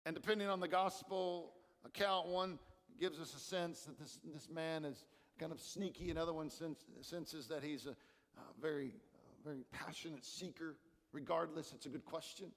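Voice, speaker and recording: An earnest male pastor delivers a sermon, pressing hard on some words and dropping to a hush on others. His voice sits high for a man. The sound carries a long reverb, as if from a large sanctuary. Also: fairly even intonation, normal speed. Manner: earnest, emphatic preaching with dramatic shifts in loudness. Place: church sanctuary.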